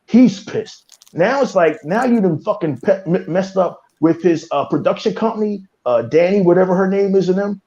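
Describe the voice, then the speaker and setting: A man's voice: high-pitched, animated, moderate pace, warm tone, muffled recording. A male podcast host in a heated, profane rant. He repeats himself and swears constantly. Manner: fiery, cursing, repeats himself.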